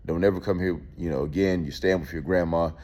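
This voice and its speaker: A man briefly quoting a furious father, in his own deep voice with little change. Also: fairly even intonation, fast, darkish tone. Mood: angry.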